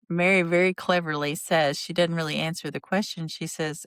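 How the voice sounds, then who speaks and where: A woman's voice: lowish voice, fairly quick, few pauses, a bit bright, clear, resonant tone, no room sound, clean studio sound. Exasperated woman podcaster recapping TV. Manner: exasperated, sarcastic, opinionated. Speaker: podcast host. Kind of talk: reality TV recap commentary.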